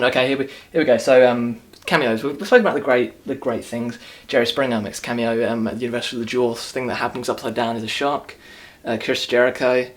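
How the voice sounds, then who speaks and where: A man's voice: medium pitch, steady tone, quick pace, hardly any pauses. A man giving a casual, sarcastic movie review rant, rambling and restarting as he goes.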